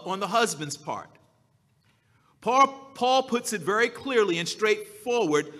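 Slow, bright-voiced male preacher. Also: high voice, animated, long reverb tail. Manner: slow, emphatic preaching with drawn-out key words. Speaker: pastor. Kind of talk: sermon.

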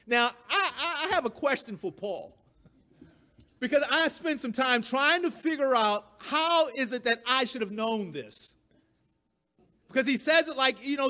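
A man's voice: very high-pitched, animated, a little slow, pushed and bright. A man preaching a sermon, emphatic and given to repeating his key phrases, with the odd chuckle at his own points.

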